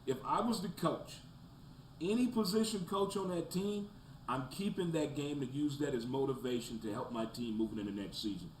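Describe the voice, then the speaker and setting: A man hosting a casual sports talk show, breaking down the weekend's games, rising into loud rants and dropping to low mutters. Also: moderate pace. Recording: roomy echo, faint background noise.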